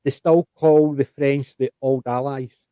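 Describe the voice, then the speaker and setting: A man explaining things in a rambling, animated way during a casual panel chat. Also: medium pitch, measured pace, smooth, no room sound, lo-fi sound.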